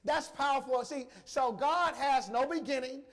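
A man preaching a sermon, emotional and emphatic, repeating phrases and calling out to the congregation. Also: very high-pitched. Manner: emphatic, repetitive, slow emphasis; emotional, addresses congregation directly.

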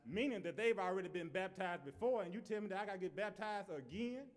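A man's voice: sits high, lively intonation, fast talker. A man. He talks in a conversational way, often repeating and restarting his phrases as he goes. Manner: conversational preaching with repetitions and restarts. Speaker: preacher. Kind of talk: sermon.

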